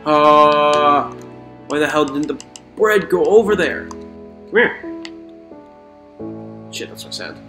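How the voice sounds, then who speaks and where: A man giving excitable let's play commentary while gaming, swearing and talking to the creatures in the game. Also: on the high side, takes it slowly, long pauses. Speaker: gamer. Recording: roomy echo with faint music.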